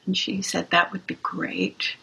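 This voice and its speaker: A woman recounting a hospice experience in an interview, gently and reflectively. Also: on the low side, level tone, gravelly, slightly rough, dull audio. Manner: gentle, slow, reflective storytelling. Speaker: music practitioner playing for hospice patients. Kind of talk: interview storytelling.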